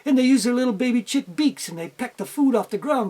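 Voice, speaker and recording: Folksy male storyteller, husky tone, very animated delivery. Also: very high-pitched, fast talker. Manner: animated, folksy, makes sound effects. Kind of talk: oral storytelling.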